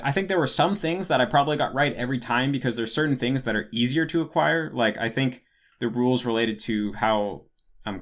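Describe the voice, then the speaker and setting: A man's voice: medium pitch, a bit bright. A young man hosting a casual Q&A, talking in a rambling way and often correcting himself. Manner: rambling, self-correcting, many "like" fillers. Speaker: host answering patron questions. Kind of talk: casual Q&A monologue.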